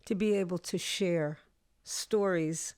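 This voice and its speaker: A middle-aged woman musician, a guest in an interview, telling animated stories from her career and acting out the people in them. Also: on the low side, slow, clean tone, dry recording, clean studio sound. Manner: animated storyteller, acts out voices. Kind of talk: storytelling interview chat.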